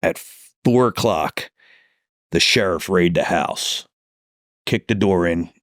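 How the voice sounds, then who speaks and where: A man's voice: deep voice, slow, fairly bright tone, no echo, clean studio sound. A man, a police detective, telling stories from the job in a podcast interview, swearing freely and acting out heated phone calls.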